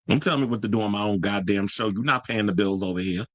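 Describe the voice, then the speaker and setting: A man's voice: lowish voice, fast, dry recording, low-quality recording. A man hosting a live-stream commentary show, ranting profanely and arguing straight with his viewers. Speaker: host.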